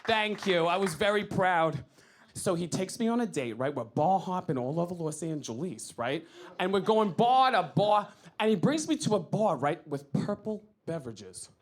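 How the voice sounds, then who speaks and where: A man's voice: sits high, animated, normal speed. A man doing a stand-up set on a club stage, flamboyant and playful with the crowd. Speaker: stand-up comedian.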